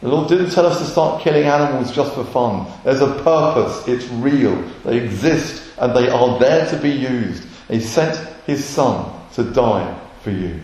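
A man's voice: medium pitch, animated, a little slow, hardly any pauses, a little mellow. A man, a messianic rabbi, preaching an earnest sermon and acting out short quotes. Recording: roomy echoey hall.

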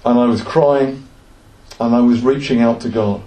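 A man's voice: mid-range voice, steady tone, moderate pace, dark tone. A male preacher giving an earnest sermon, asking the congregation rhetorical questions. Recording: echoey room.

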